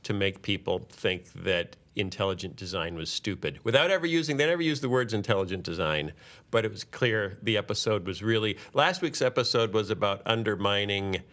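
A man hosting a podcast, chatting casually and trading quick jokes with his co-hosts. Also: fairly low pitch, expressive, fairly bright tone. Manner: joking, quick banter. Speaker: podcast host. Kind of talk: casual comedic chat.

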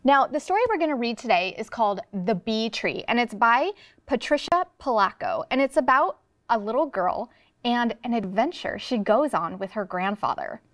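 Woman teacher, animated read-aloud, fairly high pitch, dry close sound. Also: moderate pace, no echo. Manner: expressive storybook reading with voices. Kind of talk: classroom read-aloud lesson. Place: studio classroom.

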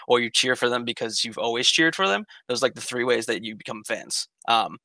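A man's voice: mid-range voice, bright, forceful tone, dry recording. A man, an esports coach, chatting casually on a podcast in a rambling way, with many fillers and acted-out quotes. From United States.

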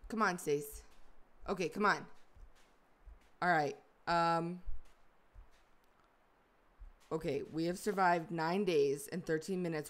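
A young woman hosting a let's-play, chatting through a survival game and getting loud and frantic when she gets stuck. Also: on the low side, measured pace. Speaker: gaming channel host.

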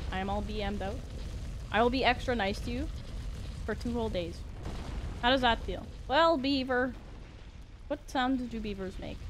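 Brief: young woman from Canada, playful game streamer, fairly high voice, faint hiss behind. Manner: playful and giggly, reads chat aloud. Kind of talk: casual gaming livestream chat.

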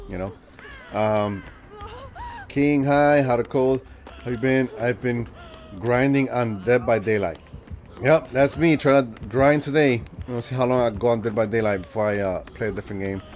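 A man's voice: medium pitch, normal speed, a little mellow, a little hiss or hum. Stuffy-nosed man joking with his stream. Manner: jokey, chatting to viewers while playing. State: stuffy nose from a cold. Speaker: game streamer. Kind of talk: casual live-stream gaming commentary.

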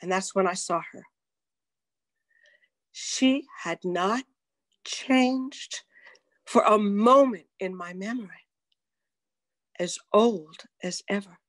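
An older woman telling a personal story in a slow, deliberate way, dropping to a whisper at tense moments. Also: medium pitch, no room sound. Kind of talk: personal story told to an audience.

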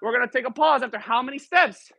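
A man's voice: very high voice, quick pace, vocal fry, breathy edge, dry recording, muffled recording. A man teaching a live dance class, counting steps aloud and switching between English and Spanish while joking with students. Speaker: dance instructor. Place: dance studio.

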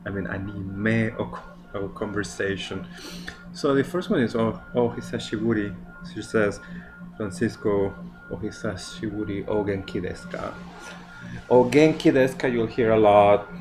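A man giving a language lesson, slow and explanatory, with frequent fillers. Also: on the low side. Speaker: language teacher.

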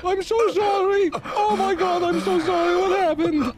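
A male streamer roleplaying a frantic, remorseful man with a freshly shaved head, panicky and rushed as he keeps apologizing. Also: extremely high pitch, fairly even intonation, very noisy, pitched above the performer's own voice. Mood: panicked. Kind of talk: roleplay in a game.

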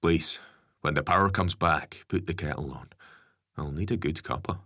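A man playing a stubborn ex-convict father who talks calmly and plainly. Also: rumbling low, moderate pace, slightly rough, no echo, studio quality, heavily acted. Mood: resigned. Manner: calm, plain-spoken.

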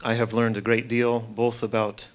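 A man moderates a public forum, posing questions in a polite, halting way. His voice sits at a middling pitch, and he pauses often to find his words. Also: level tone.

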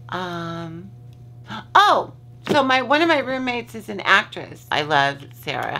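A woman's voice: lowish voice, big pitch swings, slow, pauses often, pushed and bright, a little hiss or hum. A woman vlogger chatting casually from her bed at home, rambling, losing her train of thought and swearing freely. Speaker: vlogger host. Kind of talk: casual chat.

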